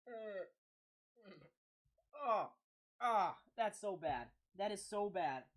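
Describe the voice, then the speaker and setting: A man calling hockey play-by-play on a live reaction stream, excitable, with groans and laughs between calls. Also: high voice, slow pace. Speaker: streamer commentator.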